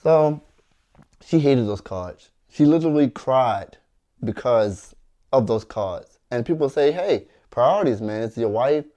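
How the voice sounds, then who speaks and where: A man's voice: medium pitch, lively intonation, unhurried, dark tone, lo-fi sound. Aggrieved man retelling marriage arguments. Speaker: content creator and street performer. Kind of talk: storytelling to camera.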